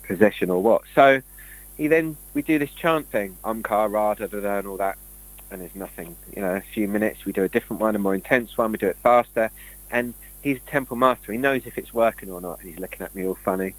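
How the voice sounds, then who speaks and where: A man's voice: on the low side, quick pace, a bit bright, no room sound, poor audio. A man, telling long, digressive stories in casual conversation with many restarts. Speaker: guest speaker on esoteric topics. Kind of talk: rambling conversational monologue.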